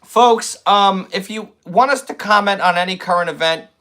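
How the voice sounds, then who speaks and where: A man hosting a comedy podcast in casual chat, excitable and rambling as he jokes. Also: high-pitched. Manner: excitable, rambling, quick to joke. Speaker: podcast host.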